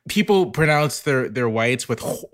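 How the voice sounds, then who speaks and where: A man talking as a podcast guest in casual chat, halting and full of filler words. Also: mid-range voice, lively intonation, a bit bright. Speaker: podcast guest, newspaper columnist.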